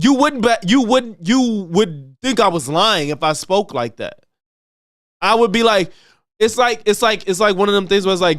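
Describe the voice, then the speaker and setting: A man's voice: sits high, animated, moderate pace, a bit bright, no echo, studio quality. A man streaming blunt, profane reaction commentary on video clips, mocking the people in them.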